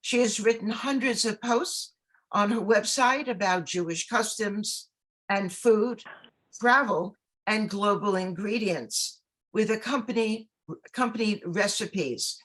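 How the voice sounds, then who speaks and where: Woman host, halting intro with fillers and self-corrections, video call. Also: medium pitch, fairly bright tone. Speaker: event host. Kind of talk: program introduction.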